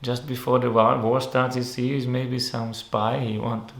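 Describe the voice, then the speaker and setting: A man's voice: mid-range voice, level tone, unhurried, echoey room. A man, not a native English speaker, giving a devotional discourse in simple, repetitive phrasing with recited Sanskrit verses. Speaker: spiritual teacher. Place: ashram hall.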